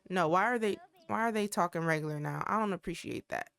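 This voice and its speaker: A woman's voice: lowish voice, quick pace, gravelly, few pauses, fairly bright tone. A young adult woman giving casual, chatty commentary while playing a life-sim game, talking straight to her viewers. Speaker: gaming creator.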